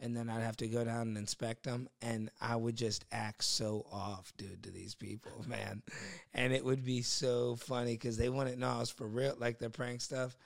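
A man's voice: mid-range voice, level tone, moderate pace, creaky. A young man, a podcast guest, telling a work story in casual chat, laughing often and acting out the other people's voices.

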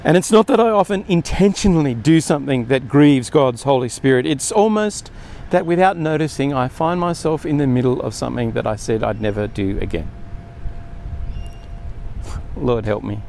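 A man's voice: medium pitch, normal speed, creaky, darkish tone, a little hiss or hum. A man preaching a sermon in an earnest way, often acting out quoted speech with more emphasis.

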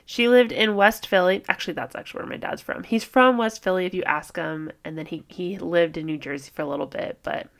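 A woman's voice: lowish voice, brisk, hardly any pauses. A young woman co-hosting a true crime podcast in casual chat, talking freely with swearing and frequent laughter. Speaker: podcast co-host.

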